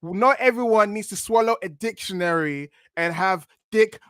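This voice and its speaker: A man's voice: high voice, moderate pace, fairly bright tone, clear, resonant tone, no echo. A man guesting on a podcast, chatting in a playful, rambling, jokey way over a video call. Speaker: guest pundit. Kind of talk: casual podcast chat.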